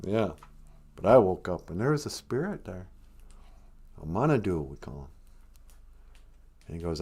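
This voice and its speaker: Animated man telling a rambling comic tale. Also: on the low side, moderate pace, creaky, long pauses, slightly rough. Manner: rambling deadpan tall tale with hesitations. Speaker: podcast host. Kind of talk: comedic storytelling on a livestream.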